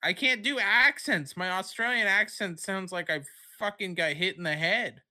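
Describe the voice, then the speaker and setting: A man's voice: sits high, normal speed, bright, forceful tone. A man co-hosting a podcast in loose, profane casual chat, rambling and breaking into goofy voices. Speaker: podcast co-host.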